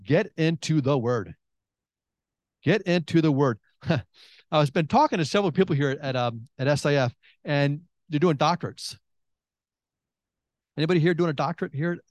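Emphatic middle-aged preacher, slightly high voice. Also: male voice, moderate pace, pauses often, dry recording. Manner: emphatic, swinging from excited bursts to hushed intensity; repeats phrases and restarts. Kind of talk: sermon.

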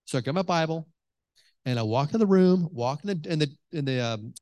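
A male pastor preaching, his voice sitting a little high for a man. He tells his stories in an animated way, full of restarts and filler words. The sound is dry and close, with little room around it. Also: brisk, no echo. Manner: animated storytelling, many restarts and "like". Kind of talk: sermon. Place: church hall with congregation.

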